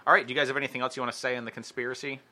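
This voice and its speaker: A man hosting a casual podcast chat, joking and crude in a relaxed way. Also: medium pitch, very fast. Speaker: podcast host.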